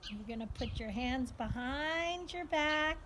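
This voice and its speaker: A woman leading a yoga lesson for young children outdoors, gentle and coaxing with playful animal sounds. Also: sits high, animated, unhurried, a little hiss or hum. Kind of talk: sing-song kids' yoga lesson. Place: outdoors in a yard with birdsong. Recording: outdoor recording with loud birds. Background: loud birdsong.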